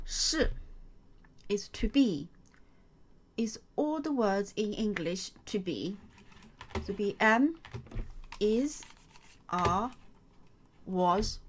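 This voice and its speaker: A woman teaching a beginners' lesson, speaking slowly and patiently and repeating each phrase for the learner. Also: mid-range voice, slight background noise. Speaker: Chinese tutor. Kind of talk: slow, clear language lesson.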